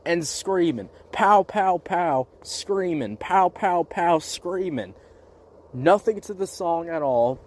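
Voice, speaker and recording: A man's voice: on the high side, a little mellow, a little hiss or hum. A man giving a blunt, exasperated music review outdoors in the cold, swearing often and rambling with fillers. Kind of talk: casual profane music review.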